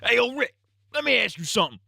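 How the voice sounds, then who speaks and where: A man doing a rough, higher drawling survivor. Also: big pitch swings, quick pace, bright, forceful tone, no room sound, studio quality, heavily acted. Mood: challenging. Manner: loose exaggerated impression, drawling. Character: gruff male survivor with a put-on drawl. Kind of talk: casual stream chat.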